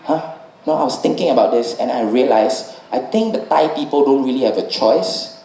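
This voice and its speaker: A man's voice: mid-range voice, brisk. Singaporean man doing stand-up in an echoey venue. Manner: lively, conversational, tags lines with "right?". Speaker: stand-up comedian. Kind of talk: stand-up comedy set. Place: comedy venue with a live audience. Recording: echoey live room from a distance, audience noise.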